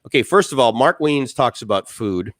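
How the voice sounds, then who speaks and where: Bright-voiced, chatty man on a live stream. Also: mid-range voice, moderate pace, no room sound. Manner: enthusiastic, talkative, animated storytelling. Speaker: co-host. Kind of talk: casual live-stream chat.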